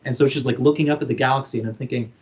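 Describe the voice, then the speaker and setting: Male podcast co-host, casual and animated, mid-pitch, playacts the quotes as he retells a film. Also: very fast. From Canada. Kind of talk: casual chat.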